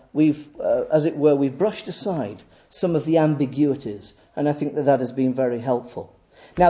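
A middle-aged male preacher with a notably high, mellow voice. He delivers a sermon emphatically, hammering his points home by repeating phrases and asking rhetorical questions of the congregation.

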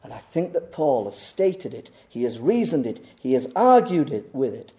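At a normal speed and in a sing-song, medium-pitched voice, a man preaches insistently. Key words come back again and again, rhetorical questions go out to the congregation, and he drifts from raised urgency into quiet asides.

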